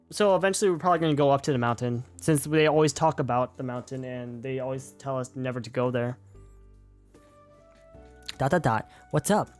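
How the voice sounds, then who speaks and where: A man's voice: mid-range voice, a little fast, faint music behind. A man streaming a game, chatting casually in a rambling, self-correcting way and swearing now and then. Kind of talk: casual live-stream chat.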